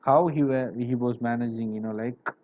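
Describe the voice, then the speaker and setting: Male teacher, mellow and middle-pitched, talks a class through a story with lots of "you know", dull lo-fi recording. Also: fairly even intonation, normal speed. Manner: explains word by word, many "you know" fillers. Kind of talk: classroom literature lesson.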